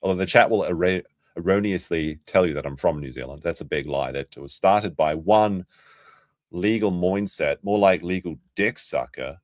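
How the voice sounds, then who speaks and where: Deep-voiced sarcastic streamer, lightly Australian. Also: male voice, moderate pace, no echo, studio quality. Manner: sarcastic, mocking, swears. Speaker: streamer reacting to clips. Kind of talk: casual commentary.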